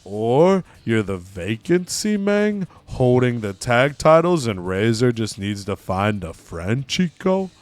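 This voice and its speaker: A man's voice: mid-range voice, big pitch swings, slow pace, hardly any pauses, dry recording, voice pushed down. A man putting on a cocky, swaggering male wrestler's voice, drawling lines and calling people Chico. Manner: drawling, calls everyone Chico.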